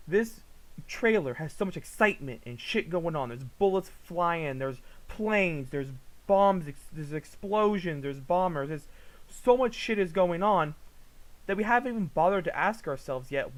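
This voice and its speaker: A man with a somewhat high voice gives casual reaction commentary. He rants in an exasperated, profane way. He swings between low mutters and loud outbursts. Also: animated, normal speed, poor audio. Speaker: commentary vlogger.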